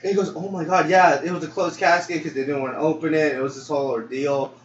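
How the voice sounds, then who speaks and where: A young man co-hosts a podcast, casually telling a story, acting out quotes and laughing often. His voice is a little high with fairly even intonation and a quick pace. The recording is roomy and distant, from a dull lo-fi mic with faint noise.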